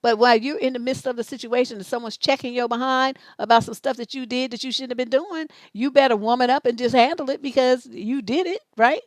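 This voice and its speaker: A woman's voice: on the high side, brisk, hardly any pauses, no echo. Blunt, profane woman advice host. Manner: acts out both sides of dialogues. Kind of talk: live Q&A advice stream.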